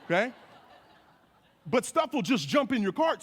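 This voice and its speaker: A man's voice: sits high, brisk. Man preaching in an echoey hall. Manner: animated storytelling with folksy asides. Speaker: guest speaker. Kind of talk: sermon. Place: church sanctuary.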